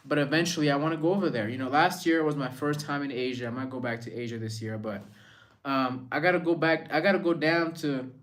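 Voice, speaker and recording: A man hosting a live stream in a casual, rambling way, reading out viewer comments and answering them. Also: mid-range voice.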